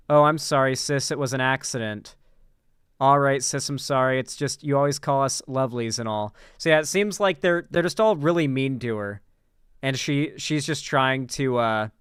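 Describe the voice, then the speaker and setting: A man's voice: mid-range voice, moderate pace, a bit bright, clear, resonant tone, no echo. A man hosting casual political commentary, sarcastic and rambling with lots of filler words. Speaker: host. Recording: dry close-miked room.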